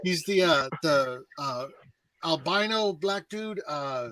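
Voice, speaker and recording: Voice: medium pitch, lively intonation, slow, fairly bright tone. A comedian guest telling a rambling, stammering story in casual comedy chat.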